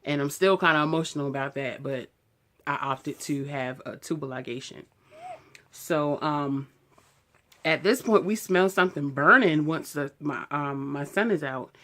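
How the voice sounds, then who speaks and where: A woman in her early thirties, telling a personal story to camera in a candid, animated way. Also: deep voice, moderate pace. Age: 30s. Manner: candid, animated retelling, heated when quoting herself. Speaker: beauty vlogger.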